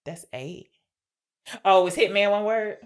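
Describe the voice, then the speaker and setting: A woman's voice: mid-range voice, unhurried, clean tone. A woman co-hosting a podcast, chatting casually about an old film, explaining the segments and arguing playfully. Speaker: podcast co-host. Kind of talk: casual film-review chat.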